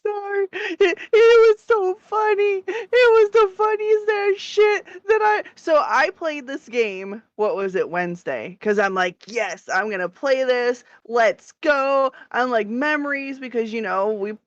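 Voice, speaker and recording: A woman co-hosting a podcast, telling a story in an animated way, swearing and laughing as she goes. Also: high voice, a little slow, few pauses, dry recording. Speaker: podcast co-host. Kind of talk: casual chat. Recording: dull lo-fi dry sound.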